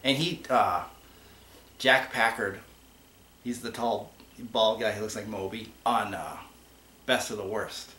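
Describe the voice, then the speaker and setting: A man's voice: fairly low pitch, slow pace, long pauses, pushed and bright. A man co-hosting a casual online show, chatting and telling rambling stories as he answers viewer questions. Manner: rambling, chatty storyteller with restarts. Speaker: podcast co-host. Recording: echoey room with faint hiss.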